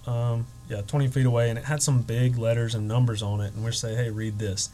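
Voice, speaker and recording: A man telling a personal story as a guest on a podcast, animated, acting out the quotes with emotion. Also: medium pitch, fairly quick, poor audio.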